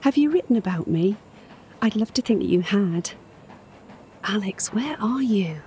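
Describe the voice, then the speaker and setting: An actress in an audio drama playing a lonely, obsessive middle-aged woman who fixates on a stranger, talking in a hushed, dreamy, intimate way and sometimes whispering. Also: medium pitch, lively intonation, measured pace, slight background noise, close to an everyday voice. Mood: dreamy, infatuated.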